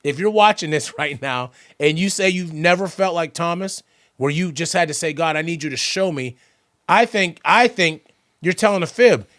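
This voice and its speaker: A man guest on a podcast, telling his story with animated energy, acting out both sides of conversations and repeating phrases for emphasis. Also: high voice, normal speed, dry recording, clean studio sound. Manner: acts out both sides of conversations in quoted voices. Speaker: podcast guest, percussionist and motivational entertainer.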